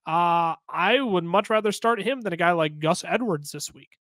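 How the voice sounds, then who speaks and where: A man co-hosting a podcast, giving brisk, opinionated and jokey fantasy football picks in casual chat. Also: sits high, fairly bright tone, no room sound. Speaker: podcast co-host.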